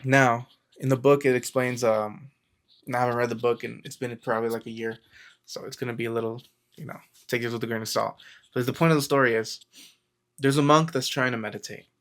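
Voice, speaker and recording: A man's voice: mid-range voice, steady tone, brisk, a bit bright. A man talking casually to camera about mindset, rambling and storytelling with lots of fillers and acted-out quotes. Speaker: self-help vlogger. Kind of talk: casual motivational talk to camera.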